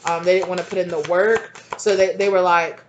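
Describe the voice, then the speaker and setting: A woman's voice: lowish voice, little pitch movement, brisk, lo-fi sound, noisy background. A woman giving a casual spoken tarot reading, rambling and repeating herself with lots of fillers and chatty asides. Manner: laughs easily, chatty asides. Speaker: tarot reader.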